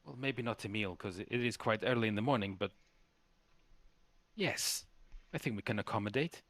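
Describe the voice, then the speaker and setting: Low-voiced male game master, halting, dry sound. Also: a bit bright, dry recording. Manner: halting, with many restarts. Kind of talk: narrating a tabletop game.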